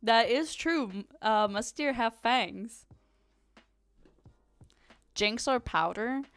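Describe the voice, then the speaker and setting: A woman's voice: a little high, animated, takes it slowly, fairly bright tone, clean tone, dry recording. A woman streamer chatting casually and reading chat aloud, giggling often and using lots of fillers. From Ukraine.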